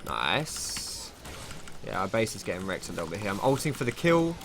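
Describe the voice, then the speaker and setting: A man giving excitable live commentary over his own gameplay, thinking aloud and swearing casually. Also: lowish voice, moderate pace, background noise. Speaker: gaming streamer. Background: keyboard typing.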